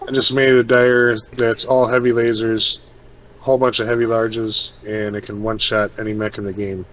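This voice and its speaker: A man's voice: mid-range voice, level tone, moderate pace, fairly bright tone, rough recording. Laid-back man explaining game tactics. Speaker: teammate giving build advice. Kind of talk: casual gaming chat.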